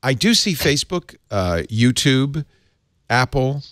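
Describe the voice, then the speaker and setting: An older man hosting a casual panel chat, jokey and animated, often laughing. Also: medium pitch, slow, no room sound, studio quality. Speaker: host.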